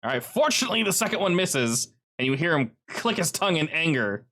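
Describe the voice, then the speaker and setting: A man narrating as game master of an online tabletop game, with animated jumps in pitch. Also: a little fast.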